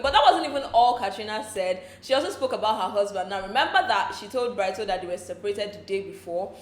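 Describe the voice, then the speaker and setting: Nigerian woman, gossipy recap host, mid-pitched, echoey room. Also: expressive, fast, few pauses. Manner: chatty, laughs often, slips into pidgin asides. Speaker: entertainment show recap host.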